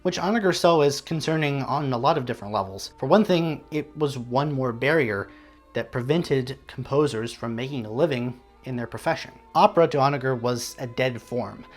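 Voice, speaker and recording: Wry man narrating music history. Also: medium pitch. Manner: wry, conversational asides. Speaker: classical music video host. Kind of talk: scripted educational narration.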